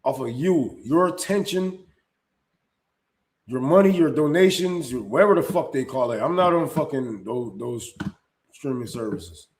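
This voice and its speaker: A man's voice: mid-range voice, animated, measured pace, reverberant. A man hosting a live-stream commentary, talking in a profane, heated and blunt way and often restarting his sentences.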